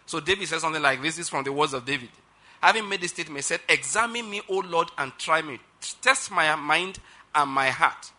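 A male pastor preaching a sermon, leading loud declarations for the congregation to repeat and dropping to quiet guidance for prayer. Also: on the high side. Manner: drops to soft, quiet guidance during prayer.

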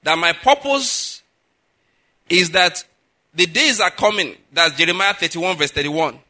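A man's voice: sits high, measured pace, sharp tone. A man preaching a sermon as a pastor, emphatic, often checking in with the listeners with asides. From Nigeria.

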